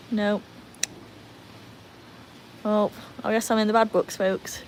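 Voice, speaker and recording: A British woman hosts a relaxed livestream from her home. She chats freely, reads out viewers' questions and talks to her dogs. Her voice sits at a middle pitch, with faint household noise in the background. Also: takes it slowly, pauses often, poor audio. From Britain. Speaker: livestream host. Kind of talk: casual livestream chat.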